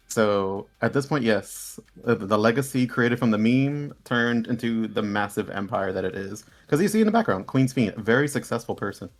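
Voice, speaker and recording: A man's voice: on the low side, brisk, few pauses, faint music behind. A man co-hosting a live stream, presenting slides in a playful, mock-formal way and often breaking into laughter. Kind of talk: casual live-stream chat.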